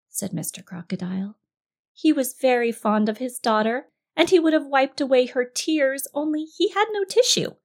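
A woman narrating a children's storybook, expressive and speaking straight to the young listener. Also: high voice, normal speed.

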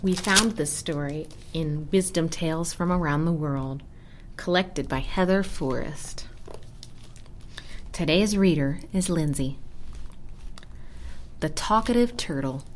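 Brief: woman storyteller, lower voice, calm and soft-spoken narration. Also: slight background noise. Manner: calm, quiet and measured. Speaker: story reader.

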